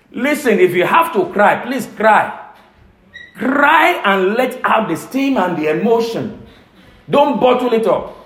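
A man's voice: very high voice, a bit bright. A male pastor preaching a sermon, emphatic, repeating key phrases for weight. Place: church service. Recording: echoey church room.

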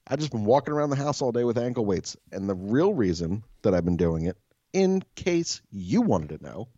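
Husky-voiced man swearing through casual chat. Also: lowish voice, big pitch swings, fairly quick, mellow, no echo, highs cut off. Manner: profane, joking, self-mocking storyteller. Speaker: podcast co-host.

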